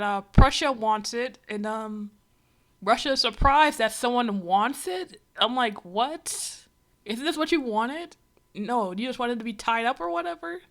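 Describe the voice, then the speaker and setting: Woman streamer, slightly high voice, rambling sarcastic reaction commentary. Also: fairly bright tone. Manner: sarcastic, exasperated; rambling with many asides. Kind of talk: casual reaction commentary on a comic.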